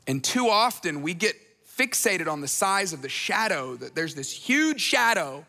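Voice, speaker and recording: Male pastor, conversational sermon delivery, high and bright, reverberant large hall. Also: big pitch swings, a little slow, vocal fry. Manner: conversational, acts out voices in retellings.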